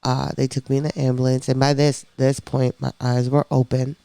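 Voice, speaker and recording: A woman on a podcast telling her own story in a casual, lively way, acting out the voices of people she quotes. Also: extremely low pitch, moderate pace, vocal fry, no echo.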